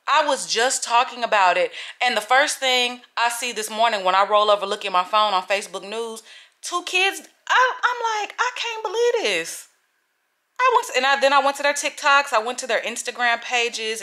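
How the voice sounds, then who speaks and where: A chatty woman in her thirties talks to her camera at home, her voice bright and forward. She rambles from thought to thought, swears without a second thought and keeps calling her viewers "y'all". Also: medium pitch. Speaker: vlogger. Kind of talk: casual chat to camera.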